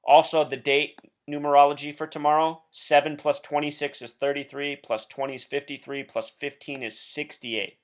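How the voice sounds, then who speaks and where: A man's voice: fairly high pitch, level tone, normal speed, few pauses. A man hosting his own commentary video, talking intently and straight to the viewer, pressing on each point. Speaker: blogger and video host.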